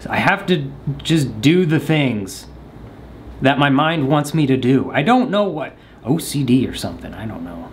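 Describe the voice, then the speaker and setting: A man's voice: medium pitch, very animated, measured pace, slight background noise. A man vlogging casually at home, rambling with lots of hesitant ums and jokey asides. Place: at his house.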